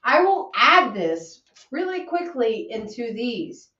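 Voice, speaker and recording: A woman's voice: on the high side, big pitch swings, slow pace, sharp tone. A woman co-hosting a casual chat about drinks, teasing and swearing as she talks. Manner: playful, teasing, swears, laughs often. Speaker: channel co-host. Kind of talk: casual banter while mixing drinks. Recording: roomy, distant, dull lo-fi sound.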